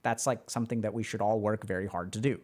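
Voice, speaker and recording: A man's voice: lowish voice, steady tone, fast talker, darkish tone. A man on a livestream, answering chat questions in a loose, chatty way full of fillers. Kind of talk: casual livestream talk.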